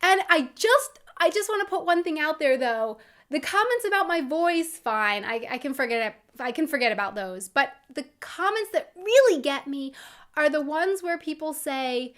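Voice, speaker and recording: A young American woman talking casually to her camera as a vlogger, earnest and quick to laugh. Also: sits high, big pitch swings, a bit bright. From United States.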